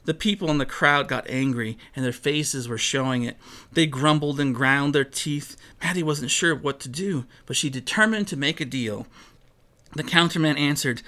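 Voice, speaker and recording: A man reading a children's story aloud, acting out each character with an animated delivery. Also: fairly high pitch, moderate pace.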